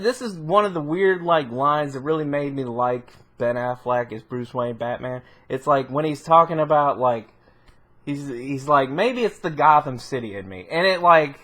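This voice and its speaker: Rambling man with a slightly high voice, casual film-review vlog delivery, lots of fillers and laughs. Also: normal speed, pushed and bright. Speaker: movie reviewer.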